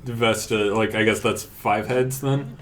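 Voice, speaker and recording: A man playing a tabletop game, joking around and quick to laugh. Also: fairly low pitch, fairly even intonation. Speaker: player.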